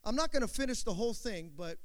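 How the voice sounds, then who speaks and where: A man preaching a sermon, calling out to the congregation for amens and swinging between loud and soft passages. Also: very high-pitched, sing-song, quick pace. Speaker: pastor. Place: church sanctuary. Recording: long hall reverb.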